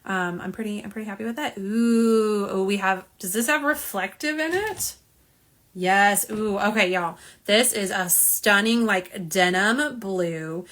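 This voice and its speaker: A woman with a bright, forward voice hosts a casual live stream into her phone, chatting with viewers and reading their comments aloud as she goes. She is quick to laugh at her own slips and talks in a loose, friendly, rambling way. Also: mid-range voice. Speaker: nail polish livestream host. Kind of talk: live unboxing and swatching stream. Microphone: phone camera, front and back.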